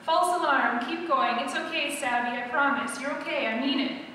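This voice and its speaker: A woman's voice: sits high, moderate pace, pushed and bright, a little hiss or hum. Woman voicing a coaxing male boat official. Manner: coaxing, insistent. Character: male race official in a boat, urgently encouraging. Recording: echoey hall from far off.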